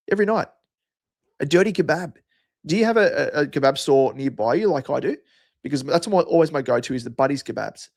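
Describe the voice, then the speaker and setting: A man's voice: mid-range voice, gravelly. A man with an Australian accent hosting a live stream, chatting casually and answering viewers' comments by name. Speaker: livestream host.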